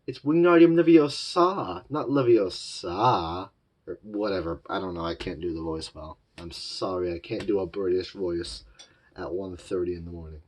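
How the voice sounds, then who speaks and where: Male reviewer, lowish voice, casual rambling delivery. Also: steady tone, normal speed, a little mellow, breathy edge. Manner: rambling and repetitive, loose fillers. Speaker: show reviewer.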